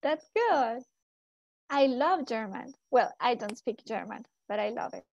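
A woman's voice: on the high side, animated, measured pace, gravelly, darkish tone, highs cut off. A young woman teaching an English class to students, asking many short questions and switching into Spanish to explain.

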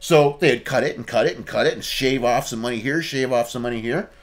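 A man's voice: medium pitch, fast. A man, a podcast guest ranting casually and swearing constantly. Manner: profane, ranting.

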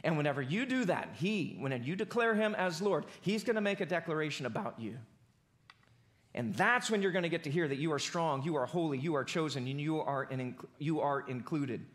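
Man, pastor, conversational sermon, fairly high voice. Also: animated, brisk. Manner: conversational preaching, builds to emphatic peaks. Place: church auditorium.

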